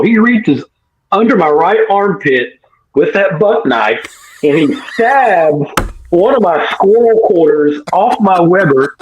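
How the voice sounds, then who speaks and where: A man, co-hosting a barbecue chat and telling an animated story, laughing often. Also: sits high, lo-fi sound, a little hiss or hum. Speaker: barbecue podcast co-host.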